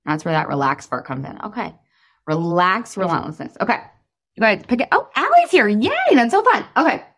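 A woman in her thirties coaching listeners in a casual, chatty talk, animated and full of fillers. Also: mid-range voice, fairly quick. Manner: breaks into voices for quotes. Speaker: weight-loss coach.

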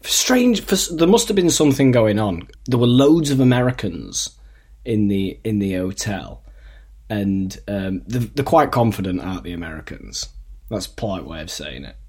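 A podcast co-host with a husky, fairly low voice tells stories at a normal speed during a casual chat. He's an animated storyteller who acts out the voices of the people he quotes.

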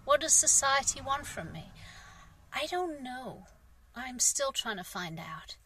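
A woman's voice: high voice, big pitch swings, measured pace, pushed and bright, slightly rough, dry recording, rough recording. An English woman, a gardener, talking candidly in a rambling vlog monologue, sighing and frustrated. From England. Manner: rambling, candid, frustrated, frequent sighs and fillers.

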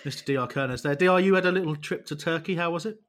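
A man's voice: fairly high pitch, racing, fairly bright tone. A man hosting a football podcast in casual chat, wry and self-deprecating, irritable from quitting vaping. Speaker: podcast host.

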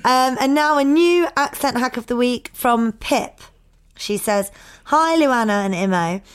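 A woman co-hosting a casual podcast, giggly and brisk. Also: fairly high pitch, expressive, clean tone. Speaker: podcast co-host.

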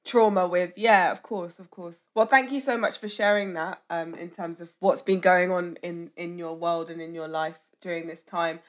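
A woman's voice: lowish voice, fairly even intonation, moderate pace, few pauses. Chatty young woman hosting. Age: 20s. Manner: chatty, lots of likes and restarts. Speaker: host. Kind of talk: casual interview chat.

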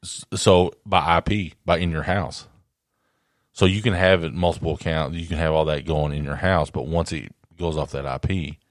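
A man co-hosts a casual talk show, reading news items and teasing his partner. His voice is extremely deep, and the room is dry with no echo. He has a dry, teasing manner and stumbles over his restarts. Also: steady tone, moderate pace. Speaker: co-host, reads news items. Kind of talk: casual chat.

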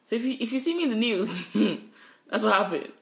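A woman's voice: mid-range voice, expressive, moderate pace, vocal fry, fairly bright tone. A young woman co-hosting a podcast, telling a work story in casual chat, swearing freely as she vents. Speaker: podcast co-host. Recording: echoey room.

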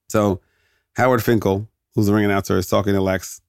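A man's voice: fairly low pitch, fairly quick, gravelly, a little mellow, no echo, studio quality. A man hosting a podcast, chatting casually and digressing into jokes, laughing often. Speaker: podcast host. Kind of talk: casual rambling commentary.

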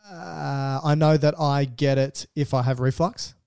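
A man's voice: on the high side, steady tone, a little slow, vocal fry, a little mellow, clear, resonant tone, no echo, clean studio sound. A man co-hosting a podcast in casual, playful banter, laughing often. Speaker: podcast co-host.

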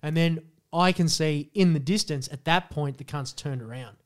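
A young Australian man with a slightly higher voice, co-hosting a podcast and spinning rowdy, animated stories. He talks in a loose casual way, swearing freely as he builds each tale. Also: moderate pace. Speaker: podcast co-host. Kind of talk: casual chat.

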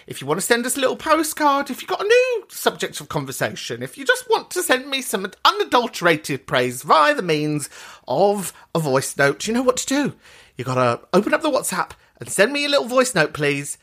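Animated, sweary woman host. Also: on the high side, brisk. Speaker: podcast host. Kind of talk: casual chat.

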